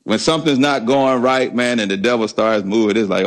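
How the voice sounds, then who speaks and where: A man's voice: fairly low pitch, steady tone, brisk. Guy preaching a sermon, emphatic, keeps repeating himself and asking the crowd stuff. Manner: emphatic preaching with call-and-response questions; repeats words and phrases for stress. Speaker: pastor.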